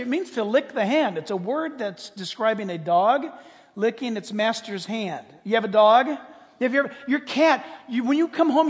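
A man preaching a sermon as a pastor, animated and conversational, acting out quoted prayers and joking with the congregation. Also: very high-pitched, long reverb tail.

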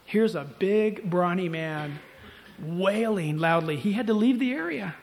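A pastor preaching a sermon to a church congregation, emphatic and swinging between loud urging and hushed tones. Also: male voice, sits high, expressive, normal speed, gravelly. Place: church service before a congregation.

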